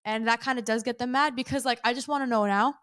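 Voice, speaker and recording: A young woman talks fast and lively as a chat guest, acting out the things she and others say. Her voice sits fairly high. The sound is dry and close. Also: smooth, dry recording. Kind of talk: casual conversation.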